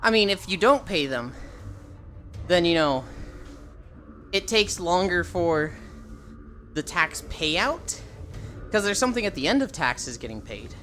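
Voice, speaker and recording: A woman streamer chatting casually with her live chat, teasing viewers and telling animated stories. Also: fairly low pitch, a little slow, pauses often, a little hiss or hum. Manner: animated storytelling with laughter.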